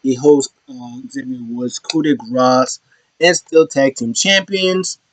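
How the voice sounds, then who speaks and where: A man's voice: mid-range voice, slow pace, no echo. A man hosting his own show, giving a casual, rambling recap with many restarts. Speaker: show host.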